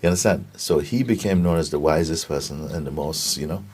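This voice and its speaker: A man giving a gentle spiritual talk and telling stories, often checking in with his listeners. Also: a bass voice, husky. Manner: gentle, unhurried, keeps asking "you see?". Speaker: spiritual teacher.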